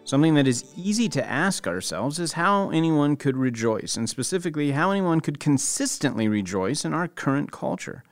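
A man hosting a radio program, reading a smooth scripted introduction. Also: a little high, big pitch swings, moderate pace, hardly any pauses, no room sound. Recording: dry studio with soft music.

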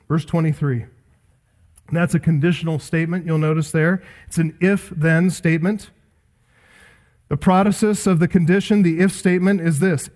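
High-voiced man preaching emphatically. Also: darkish tone. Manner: emphatic, building through lists with rising intensity. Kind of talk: expository sermon.

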